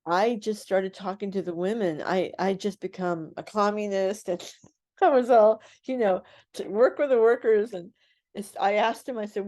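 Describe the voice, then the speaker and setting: An older woman who is a guest on a radio interview, recounting her past in an animated way and acting out the voices of people she quotes. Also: mid-range voice, normal speed. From United States.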